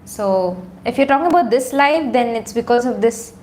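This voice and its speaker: A woman's voice: a little high, lively intonation, normal speed, a little mellow, slight background noise. A woman from India chatting casually on a livestream from her room, reading out viewers' comments with lots of fillers. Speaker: YouTuber on a livestream. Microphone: phone or camera on a tripod.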